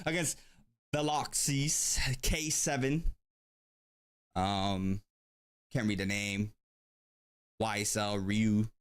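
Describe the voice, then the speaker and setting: A man hosting a tournament live stream, talking casually and thinking aloud with frequent pauses and ums. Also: lowish voice, smooth. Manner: laid-back, thinks aloud with many ums.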